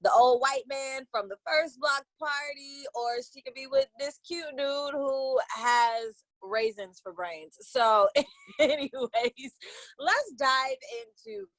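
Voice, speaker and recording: Slangy, animated woman podcast host. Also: sits high, takes it slowly, no room sound. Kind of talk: casual chat.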